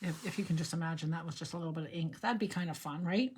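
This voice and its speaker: Talking at a racing speed in a low voice, an older woman demonstrates card-making and rambles chattily into personal stories along the way. Background noise can be heard in the recording.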